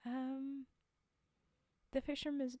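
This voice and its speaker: A woman's voice: high-pitched, little pitch movement, slow, mellow, no room sound. A woman reading fairy tales aloud on a live stream, breaking off for chatty, laughing asides to her chat. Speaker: storyteller streamer.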